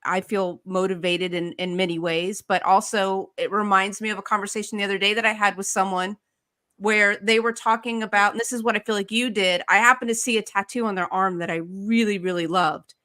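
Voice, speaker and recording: Bright, upbeat woman hosting a podcast. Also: medium pitch, steady tone, fairly quick. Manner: upbeat, chatty, with a warm show intro. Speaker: podcast host. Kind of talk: live video podcast interview.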